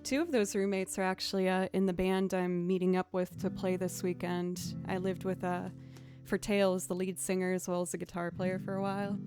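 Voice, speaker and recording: Casting note: young woman, violinist livestream host, relaxed chatter, quiet music underneath. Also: on the low side, fairly quick. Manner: chatty, laughs often, thanks viewers. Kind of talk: casual livestream chat.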